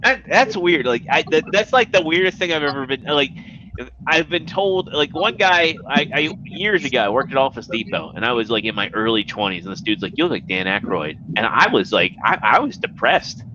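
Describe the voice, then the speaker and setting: A man's voice: fairly high pitch, very animated, fairly quick, dull audio, background noise. A man in his thirties telling a rambling, profane story in casual livestream chat.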